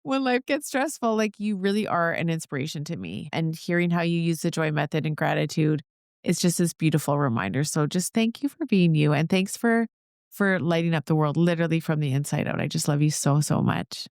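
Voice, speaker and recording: Host, woman, lowish smooth voice, effusive, dry sound. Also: a little fast, darkish tone, no room sound. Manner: gushing, effusive praise. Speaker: podcast host. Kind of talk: casual interview chat.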